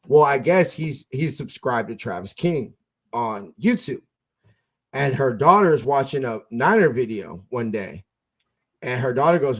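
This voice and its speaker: A man's voice: medium pitch, expressive, a little slow. A man hosting a casual fan podcast over an internet call, telling rambling stories full of fillers and restarts. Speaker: podcast host.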